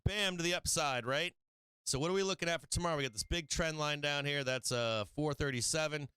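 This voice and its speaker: A man hosting a live stock market stream, walking through charts in a brash, excitable way with casual swearing. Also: on the high side, a little fast, clear, resonant tone, no echo. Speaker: stock market show host.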